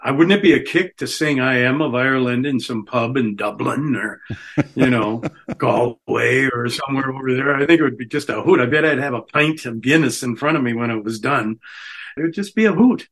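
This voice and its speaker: A middle-aged man, a guest musician, talks with easy enthusiasm in a casual radio chat. His voice sits at an ordinary middle pitch, and he talks freely and happily. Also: a little fast, a bit bright. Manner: enthusiastic and chatty.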